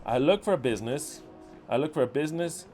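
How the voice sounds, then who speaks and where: Faint music plays behind a middle-aged man who leads a ministry, talking fast with lively intonation as he scolds his followers. He's profane and exasperated, swinging from loud outbursts to quiet muttering.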